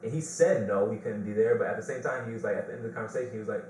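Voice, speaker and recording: A man's voice: medium pitch, quick pace, few pauses. A man with a Detroit accent hosting a podcast, chatting casually and telling stories with a loose, laughing delivery. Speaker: podcast host. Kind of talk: casual chat. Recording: roomy, distant mic with background hiss.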